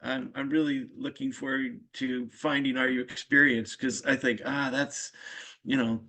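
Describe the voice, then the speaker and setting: A man's voice: medium pitch, level tone, a little slow, bright, forceful tone. A man in his sixties hosting an interview, asking rambling questions full of fillers. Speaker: podcast host. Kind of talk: casual interview conversation.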